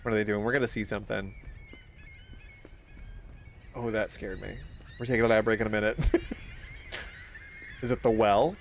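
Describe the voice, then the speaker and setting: A young man streaming a horror game, swearing, yelping and laughing loudly whenever something startles him. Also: on the low side, unhurried, long pauses, slight background noise. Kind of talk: live horror game playthrough.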